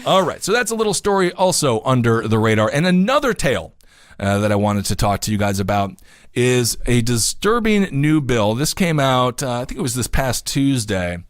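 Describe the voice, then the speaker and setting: A man's voice: medium pitch, sing-song, moderate pace, no echo, studio quality. A man co-hosting a casual political talk podcast, reading news aloud with jokey, rambling asides and getting worked up and emphatic. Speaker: podcast co-host. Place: home studio in New York City.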